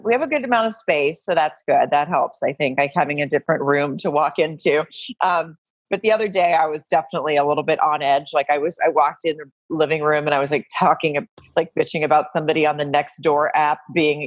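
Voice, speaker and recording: A woman's voice: low-pitched, no room sound. A middle-aged woman from Arkansas, chatting as a podcast guest in a self-deprecating way, with many trailing restarts. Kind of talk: casual podcast chat.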